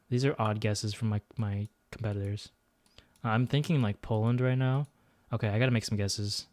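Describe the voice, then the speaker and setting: A man's voice: fairly low pitch, darkish tone, no echo. A man streaming a geography guessing game, thinking aloud and muttering his guesses with self-deprecating asides. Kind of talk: casual gameplay commentary.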